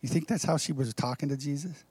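A man's voice: on the high side, a little fast, a little mellow, breathy edge, no echo. A man, a pastor, preaching a casual, conversational sermon and throwing rhetorical questions at the congregation.

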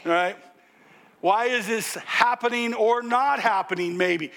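A high, bright-toned older man preaches with playful humor, drawing the congregation into call-and-response. He takes his time, then bursts out with loud exclamations to drive a point home. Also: unhurried, creaky. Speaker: pastor. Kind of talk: sermon.

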